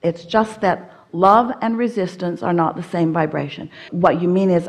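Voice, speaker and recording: A woman's voice: lowish voice, normal speed, few pauses. A woman teaching at a live seminar, speaking as "we" and coaching an audience member step by step in a firm, playful manner.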